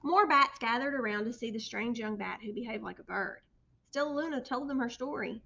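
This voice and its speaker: A woman reading a children's picture book aloud with expressive storytelling. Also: a little high, fairly quick, creaky. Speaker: storybook reader.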